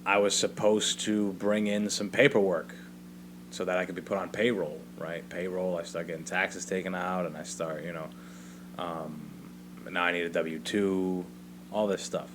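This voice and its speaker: A young man talks alone into a mic in a home basement, telling a rambling, profane story and tagging his points with "right?". His voice sits very low and easygoing. A faint hum runs underneath. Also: little pitch movement, moderate pace. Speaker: podcast host. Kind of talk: solo comedic podcast monologue.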